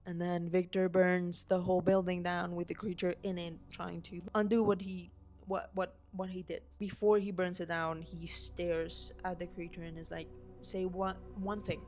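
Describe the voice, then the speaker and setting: A young woman vlogging at home, rambling excitedly and swearing casually about a film while waving a handheld mic. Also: fairly low pitch, normal speed, slight background noise. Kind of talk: unscripted excited movie rant. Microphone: handheld mic waved around.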